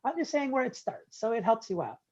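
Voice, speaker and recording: A man with a husky, mellow voice tells his stories with energy and acts out each exchange. The recording sounds dull and lo-fi. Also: very high voice, brisk. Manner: animated, acts out quoted dialogue. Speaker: guest entrepreneur. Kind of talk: interview storytelling.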